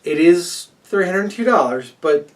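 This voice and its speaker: A man with a slightly high voice co-hosts a casual chat, upbeat and chatty, sometimes tripping over names. He sits a little far from the microphone. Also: expressive, measured pace. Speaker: co-host. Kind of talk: casual chat reviewing crowdfunding campaigns.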